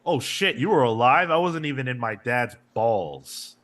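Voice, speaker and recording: A man's voice: mid-range voice, animated, moderate pace, fairly bright tone. A man hosting a casual comics podcast, joking and reading out listener comments. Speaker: podcast host. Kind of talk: casual chat.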